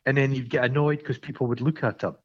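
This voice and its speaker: A Scottish man co-hosting a podcast, telling stories in a sweary, animated way and acting out the quarrels in them. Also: medium pitch, quick pace, slightly rough, lo-fi sound. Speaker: podcast co-host. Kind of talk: casual chat.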